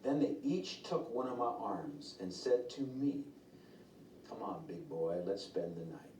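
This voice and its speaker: A man's voice: lowish voice, a little slow. Man preaching, tells stories and does voices, sounds far off in a big echoey room. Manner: storytelling, quotes others in lively changing voices. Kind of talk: sermon. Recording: roomy echo, from far off the mic, faint noise.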